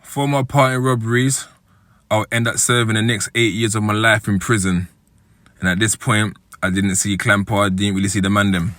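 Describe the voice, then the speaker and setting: A man's voice: fairly low pitch, little pitch movement, moderate pace, fairly bright tone, no room sound. A London man in his thirties telling his own story in a conversational way, often checking in with "yeah?". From East London. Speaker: storyteller and football club founder. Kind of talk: first-person storytelling.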